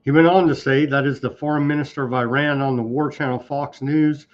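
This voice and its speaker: A man's voice: medium pitch, fairly even intonation, brisk. A man co-hosting a news commentary show, talking sarcastically and tripping over foreign names. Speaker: co-host. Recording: dull lo-fi audio.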